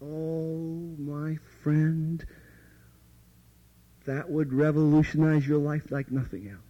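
A man's voice: fairly high pitch, fairly even intonation, slow, dull audio. A man preaching a sermon with dramatic emphasis, addressing the listener directly and sometimes dropping to near whispers.

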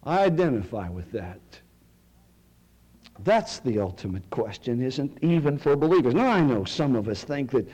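A male pastor preaching a sermon in a church, swinging from loud, rising cries to hushed, quiet lines. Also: on the high side, very animated, moderate pace, low-quality recording.

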